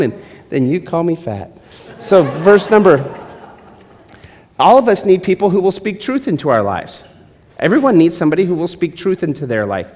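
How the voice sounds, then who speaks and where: A man's voice: on the high side, a little mellow. A male pastor preaching a sermon, teasing and joking with his congregation between points. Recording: long hall reverb.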